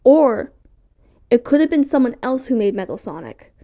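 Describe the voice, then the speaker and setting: Excitable woman with a bouncy, lively voice. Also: sits high, normal speed. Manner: excitable, easily sidetracked, swears casually. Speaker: vlogger. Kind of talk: casual rambling commentary.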